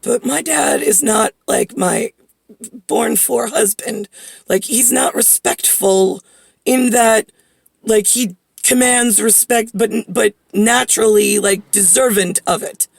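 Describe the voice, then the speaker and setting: A woman's voice: fairly high pitch, gravelly, slightly rough, no echo. A woman telling a long personal story in a rambling way, full of "like" fillers and blunt swearing. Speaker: vlogger.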